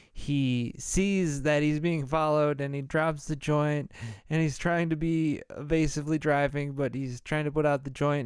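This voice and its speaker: A man hosts a casual movie podcast and rambles loosely through the plot, swearing freely as he goes. He talks slowly in a clean, clear voice. The sound is dry and close, with no room around it. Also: fairly high pitch, dry recording. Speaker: podcast host.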